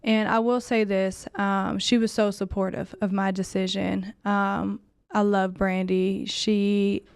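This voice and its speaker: A woman's voice: mid-range voice, little pitch movement, slow, gravelly, clear, resonant tone, no room sound, clean studio sound. A young adult woman candidly telling a heartfelt personal story, full of "like" fillers.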